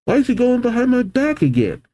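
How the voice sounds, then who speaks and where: Fiery teen girl from a manga, high frantic voice, repeating questions, voiced by a man. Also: wildly swooping pitch, mellow, full character voice. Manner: rapid, repetitive, fretting questions.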